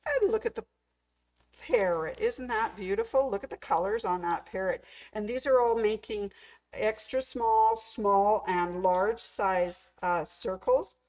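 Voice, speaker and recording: A woman's voice: medium pitch, darkish tone, poor audio. Chatty woman hosting a sewing demo. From Canada. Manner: chatty and enthusiastic, gushing over cute things. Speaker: sewing store host. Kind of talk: casual show-and-tell demo.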